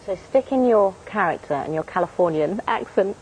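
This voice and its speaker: A woman presenting a breakfast TV interview, asking brisk, leading questions. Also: mid-range voice, animated, darkish tone, muffled recording, slight background noise. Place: TV studio.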